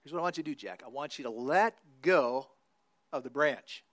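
A man voicing God in a joke, speaking low, calm and measured. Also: no echo, close to an everyday voice. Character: God, calm deep male voice from above.

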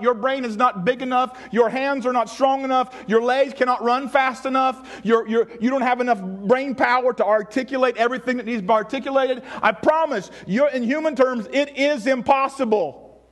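A man's voice: very high-pitched, steady tone, a little fast, a bit bright. A male pastor preaching a sermon in a church, emphatic, repeating phrases and firing rhetorical questions at the congregation.

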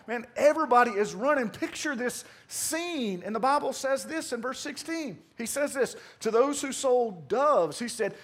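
A man giving a conversational sermon, swinging from loud emphatic bursts to hushed asides and often saying "man". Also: very high-pitched. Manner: conversational preaching with repeated "man". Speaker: pastor.

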